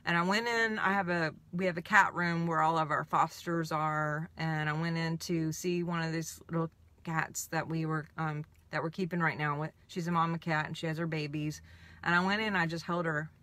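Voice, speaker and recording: A woman telling a personal story in a candid, halting, emotional way, as a healing coach reflecting on her own experience. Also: sits low, fairly even intonation, a bit bright, dry recording.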